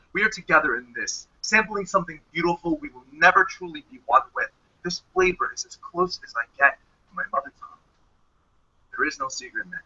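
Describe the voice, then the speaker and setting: Sardonic bright-voiced New Jersey poet. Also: male voice, high-pitched, slightly rough. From United States. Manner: punchy, sardonic delivery with profanity. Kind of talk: spoken word poetry reading. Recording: dull lo-fi livestream audio.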